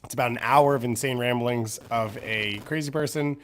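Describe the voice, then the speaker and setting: A man's voice: medium pitch, moderate pace, a bit bright, a little hiss or hum. Rambling young man hosting a live stream. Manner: rambling, self-mocking. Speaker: podcast host. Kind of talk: casual live-stream chat.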